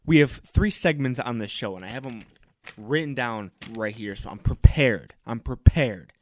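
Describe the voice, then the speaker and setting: A man hosting a comedy podcast, delivering a loud, fired-up, mock-pompous rant. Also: medium pitch, expressive, moderate pace, a little hiss or hum. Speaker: podcast host. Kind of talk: comic ranting monologue.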